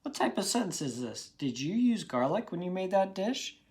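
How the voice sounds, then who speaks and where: A man's voice: high voice, very animated, normal speed, a little mellow. A man teaching a recorded phonics lesson to young students. He talks patiently and encouragingly and sounds out words part by part.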